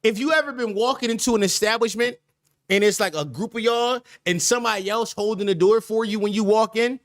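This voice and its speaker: A podcast host with a high-pitched voice speaks briskly in clean studio sound with no room sound. He's casually chatting on a podcast stream, riffing with slang in a repetitive, joking, mock-sincere way.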